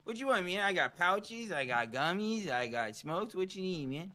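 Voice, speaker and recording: A man in role-play playing a street seller, running through a hustling sales pitch. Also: very animated, normal speed, sharp tone, a little hiss or hum.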